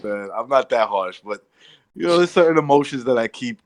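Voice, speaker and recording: A man's voice: medium pitch, lively intonation, fairly quick, a little hiss or hum, rough recording. A man co-hosting a podcast in casual chat, rambling, restarting his sentences and acting out what others said. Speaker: podcast co-host.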